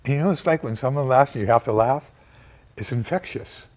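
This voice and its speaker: A man recounting a personal memory in an emotional, halting way, pausing and restarting as he goes. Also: mid-range voice, darkish tone. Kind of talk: personal storytelling.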